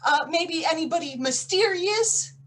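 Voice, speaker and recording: A disguised spy, played by a woman badly posing as an American pop star. She pitches her voice up high and pushes it loud and eager. It is improvised comedy, over-insistent and a little frantic. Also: lively intonation, unhurried, full character voice. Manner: overly bright, insisting, nervous laughter.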